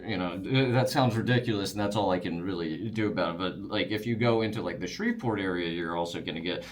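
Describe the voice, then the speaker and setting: A man's voice: low-pitched, fast talker. A man from the Wiregrass region of Alabama with a Southern drawl, casually explaining regional accents with frequent fillers and restarts.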